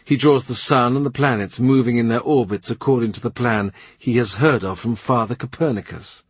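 A man reads literary fiction aloud in an even, vivid storytelling manner. His voice is husky and sits at an ordinary pitch for a man, and the sound is dry and close. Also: brisk, no echo. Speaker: audiobook narrator. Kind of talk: scripted literary narration.

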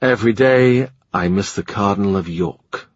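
A man reading the lines of a weary, wistful middle-aged English king in a soft, subdued voice. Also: lowish voice, normal speed, natural voice. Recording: slightly muffled dry recording.

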